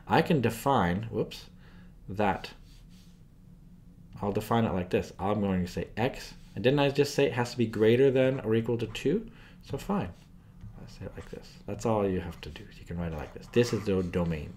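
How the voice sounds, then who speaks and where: A man's voice: medium pitch, animated, moderate pace, a little mellow. A man teaching a math lesson over a screen recording, chatty and thinking aloud as he draws graphs, often asking the viewer questions. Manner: asks the viewer frequent questions. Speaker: math tutor.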